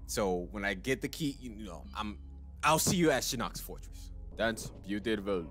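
A man giving let's play commentary, excitable and talking to himself as he plays. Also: lowish voice, normal speed, faint music behind. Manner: excitable, talks to himself while playing. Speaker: gaming channel host.

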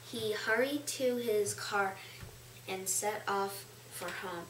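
A woman reading aloud in halting practice, stumbling and repeating words as she is corrected. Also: mid-range voice. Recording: echoey room, far from mic, faint noise.

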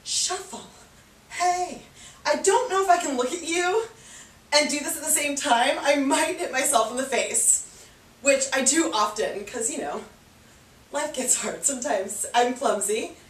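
An upbeat woman fitness instructor counts down reps and cheers on her class, a little out of breath from exercising along. Her voice is high and her delivery is unhurried. She sounds set back from the mic in an echoey room. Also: far from the mic.

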